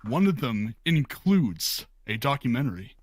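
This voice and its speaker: A man's voice: mid-range voice, very animated, measured pace, slightly rough, no room sound. A man playfully announcing his retirement from racing in a mock-formal way. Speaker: racer making an announcement. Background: music.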